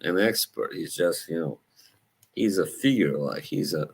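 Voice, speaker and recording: A young man with an Eastern European accent, hosting a casual live chat, relaxed and halting, laughing often. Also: low voice, vocal fry, husky. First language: Slavic language. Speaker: livestream host.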